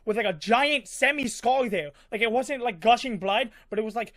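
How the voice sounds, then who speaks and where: A man with a high voice tells a story in a loose, rambling way, full of fillers and small sound effects. He is recorded close and dry, with no room sound. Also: expressive, moderate pace, fairly bright tone, dry recording. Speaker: vlogger. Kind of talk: casual storytelling.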